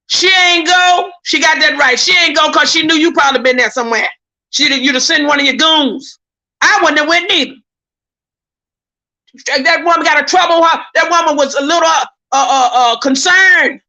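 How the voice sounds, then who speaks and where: A woman, holding forth on a live stream in a high, ringing voice. She sounds indignant and preachy, hammers her points again and again and trips over her words when she gets worked up. She keeps turning to her viewers as "y'all.". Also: sharp tone. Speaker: YouTube commentator. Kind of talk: heated live-stream commentary.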